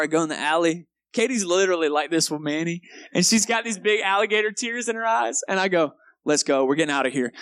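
A man's voice: high voice, no room sound. A young adult male pastor with a Texan accent, telling a story in his sermon and acting out the moments with energy. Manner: animated storyteller, acts out moments, laughs at himself. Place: church sanctuary.

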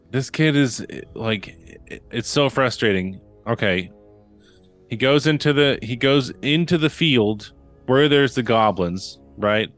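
Rambling dad telling a story, casual. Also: male voice, lowish voice, a bit bright. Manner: rambling, heavy with fillers and restarts. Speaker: podcast co-host; father. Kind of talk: casual chat.

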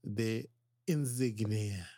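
A man co-hosting a casual podcast, playful and chatty, often reading quotes aloud with quick asides. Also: lowish voice, mellow, dry recording, studio quality. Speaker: podcast co-host.

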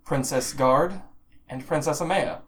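A man's voice: fairly high pitch, unhurried, noisy background, lightly acted. A man voicing a proud, formal half-elf woman guard captain, in his own voice.

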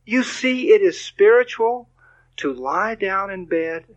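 Animated older man giving a spiritual talk. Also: high-pitched, slow, lo-fi sound. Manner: animated, playful storyteller. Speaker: spiritual teacher.

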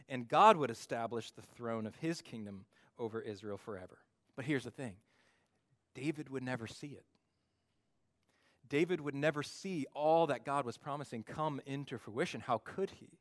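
A man preaching a sermon to his church, acting out the voices he quotes with big swings in pitch and loudness. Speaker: pastor.

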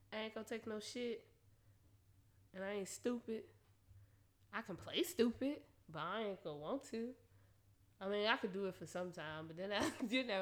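A woman talking straight to her listeners in a blunt, profane casual monologue, laughing often and getting loud and animated when she rants. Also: mid-range voice. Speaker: solo talker giving advice.

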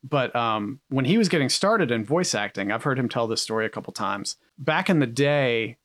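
A man co-hosting a podcast, telling a story in a lively way and laughing often. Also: mid-range voice, moderate pace, no echo, studio quality. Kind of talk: casual chat.

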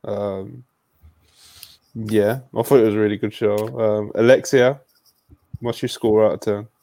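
Chill guy running a wrestling podcast, mellow dry voice, super casual. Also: fairly low pitch, fairly even intonation, measured pace, no room sound. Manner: laid-back, loose, filler-heavy, reads viewer messages. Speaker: podcast host.

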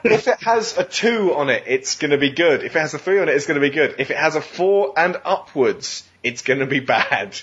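A man hosting a casual podcast chat, animated and sweary as he reads out rules. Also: fairly high pitch, a little fast, few pauses, slight background noise. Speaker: podcast host. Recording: muffled lo-fi podcast audio.

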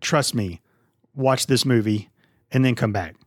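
A man's voice: medium pitch, a little slow, breathy edge, dry recording, clean studio sound. A man hosting a casual movie podcast, joking and swearing as he runs the segments. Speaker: podcast host.

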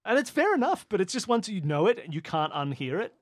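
A man's voice: high voice, big pitch swings, brisk, dry recording, studio quality. An Australian man co-hosting a podcast, chatting casually and explaining at length with asides. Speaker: podcast co-host. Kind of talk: casual chat.

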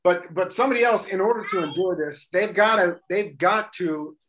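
A man's voice: high voice, moderate pace, a bit bright, a little hiss or hum. Rambling, joking male radio co-host. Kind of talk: casual banter.

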